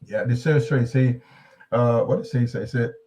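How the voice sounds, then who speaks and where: A man hosts a live panel show, mid-pitched and conversational. He reads the newspaper aloud and keeps adding rambling asides and questions for the panel. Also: moderate pace, dark tone, slight background noise, low-quality recording. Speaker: talk show host.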